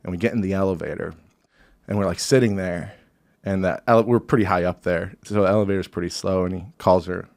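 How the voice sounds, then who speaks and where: A man with a fairly low voice tells a story on a podcast in a loose, animated way. He swears freely, and he is from Texas. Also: fast, creaky. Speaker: podcast guest. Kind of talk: casual storytelling.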